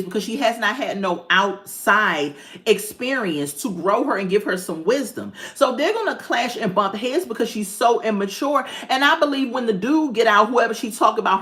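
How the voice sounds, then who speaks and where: Animated sassy woman recapping TV. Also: on the high side. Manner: animated, sassy, laughs often. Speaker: reality TV recap host. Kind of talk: casual commentary.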